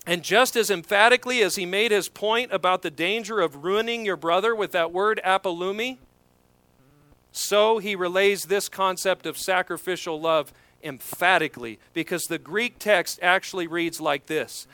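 Emphatic bright-voiced male preacher. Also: high-pitched, normal speed, smooth, dry recording. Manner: emphatic preaching, swelling louder on key points. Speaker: pastor. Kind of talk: expository sermon.

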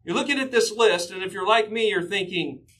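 Earnest male preacher with a high voice. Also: a little fast, a bit bright, poor audio. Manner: earnest, emphatic teaching with scripture quotes. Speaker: pastor. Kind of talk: sermon.

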